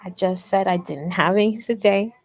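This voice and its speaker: A woman's voice: medium pitch, normal speed. A woman hosting a casual livestream crochet tutorial, chatty and rambling, talking directly to her viewers.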